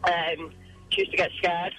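A woman's voice: on the low side, level tone, a little slow, sharp tone, soft background music, poor audio. A woman calling in to a radio show on the phone, chatting plainly as she tells a story. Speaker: caller. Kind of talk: telling a ghost story on air. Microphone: phone line.

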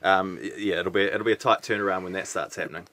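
A man's voice: low voice, fairly even intonation, fast talker, pushed and bright, no echo. A man with a New Zealand accent, a visiting radio journalist chatting as a studio guest in a friendly, slightly hesitant way.

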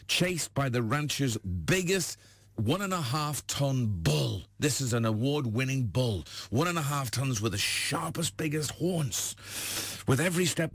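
A man hosting a breakfast radio show, telling jokes and chatting in a lively storytelling manner. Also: mid-range voice, no echo. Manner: lively storyteller, animated delivery. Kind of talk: joke-telling and radio banter.

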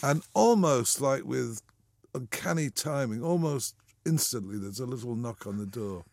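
A man's voice: mid-range voice, lively intonation, moderate pace, creaky, a little mellow, no room sound, clean studio sound. A man in his sixties, a radio guest telling a long story with frequent restarts and asides. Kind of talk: anecdotal storytelling.

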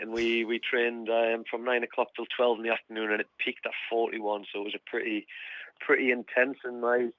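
A man's voice: medium pitch, no echo. A man in his thirties with a Geordie accent, a footballer guest chatting casually over the phone and calling the host "mate" a lot. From North East England. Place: Australia, over a phone line. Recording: tinny phone line.

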